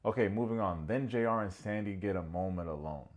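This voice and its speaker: Give me a snarky, lower-pitched man doing an animated comedic show recap. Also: fairly quick. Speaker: reality TV recap host.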